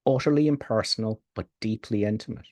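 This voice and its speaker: A man teaching spiritual ideas in a slow, calm way that turns hushed and quiet on key lines. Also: fairly low pitch.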